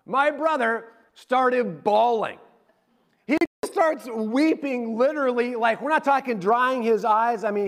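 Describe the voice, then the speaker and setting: A man in his forties, a pastor, telling a chatty, animated story in a sermon and acting out the people in it. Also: very high-pitched, slow pace. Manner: animated, chatty storyteller who acts out quotes.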